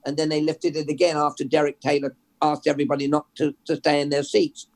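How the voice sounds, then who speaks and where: An older man from England, a journalist guest, telling stories in a lively, conversational way with many restarts. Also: fairly high pitch, quick pace. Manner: storytelling, animated, restarts with repeated words. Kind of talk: conversational interview.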